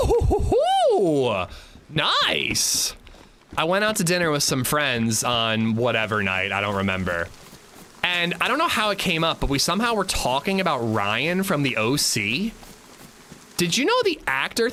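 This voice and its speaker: A male livestream host with a fairly high, bright voice that swings freely up and down as he talks. He tells profane, animated stories and chats with his viewers between moments of play. Faint noise sits under the voice. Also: moderate pace. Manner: chats with viewers while playing. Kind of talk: casual livestream chat.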